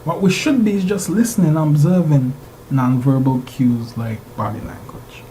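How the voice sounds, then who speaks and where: A man's voice: on the high side, moderate pace, dark tone, slight background noise, rough recording. A man teaching a class, lecturing and regularly putting rhetorical questions to his students. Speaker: instructor.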